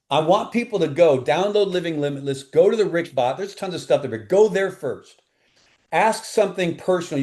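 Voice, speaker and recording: A man, a life coach and pastor, talking as a guest in an interview in an earnest, animated way. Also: medium pitch. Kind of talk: enthusiastic interview talk.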